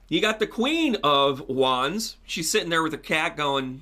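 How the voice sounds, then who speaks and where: Chatty tarot reader, bright voice. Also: male voice, on the high side, unhurried, hardly any pauses. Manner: chatty, animated, joking with viewers. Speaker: psychic medium and tarot reader. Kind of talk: live-stream tarot reading.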